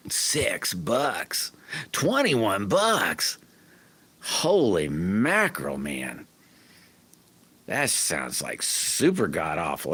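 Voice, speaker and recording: A man's voice: sits low, wildly swooping pitch, very slow, fairly bright tone, slightly rough, dry recording. A middle-aged man hosting a livestream, chatting casually with viewers in a folksy, rambling way full of restarts. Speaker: livestream host.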